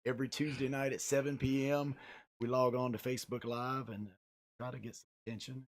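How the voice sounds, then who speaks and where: A middle-aged man hosting a casual radio show, with a naturally gruff voice, chatty and joking and often tripping over his words. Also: medium pitch, little pitch movement, a little fast. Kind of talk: casual talk radio chat.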